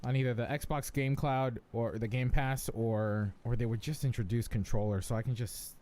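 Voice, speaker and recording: A man's voice: mid-range voice, normal speed. A man hosting a live podcast, chatting casually and teasing his co-hosts. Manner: animated, jokey, playful teasing. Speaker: podcast host.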